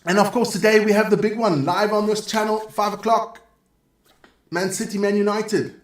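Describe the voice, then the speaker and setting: A man's voice: sits high, fairly even intonation, normal speed. A man hosting a live sports show, running through results in a casual, joking way with asides to his viewers. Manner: chatty, joking, reads scores with asides to viewers.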